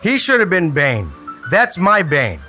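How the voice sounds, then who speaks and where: Man, podcast co-host, emphatic, repeats himself, lively pitch, slightly high. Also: a little slow, faint music behind. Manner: emphatic, repeats his points. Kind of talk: casual movie chat.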